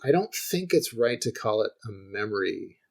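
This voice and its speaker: Gravelly-voiced man explaining ancient music. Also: on the low side, big pitch swings, normal speed, poor audio. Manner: thinks aloud, restarts often, demonstrates on guitar. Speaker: guest scholar of ancient music. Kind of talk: conversational explanation.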